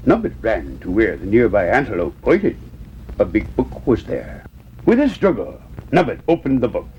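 A man reading a children's story aloud in a lively, sing-song way. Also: on the low side, normal speed, muffled recording, a little hiss or hum. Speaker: narrator.

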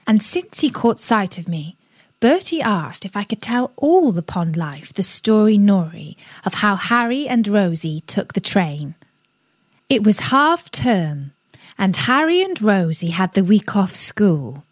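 A woman reading a children's story aloud on a radio show, gentle and expressive. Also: medium pitch, measured pace, no echo.

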